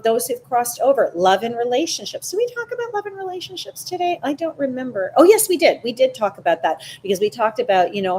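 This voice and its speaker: A woman hosting a casual psychic live stream, animated and chatty, greeting viewers by name. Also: medium pitch, a little hiss or hum. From Canada. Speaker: psychic livestream host.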